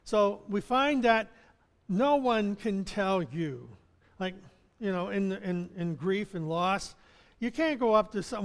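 A man's voice: sits high, lively intonation, takes it slowly. A man preaching a sermon as pastor, in a conversational way with chuckles and restarts. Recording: long hall reverb.

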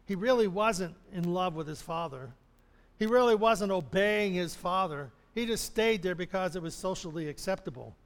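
A man's voice: high-pitched, lively intonation, moderate pace. A man preaching a sermon, retelling a parable and acting out the characters' complaints with frequent chuckles. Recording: long hall reverb.

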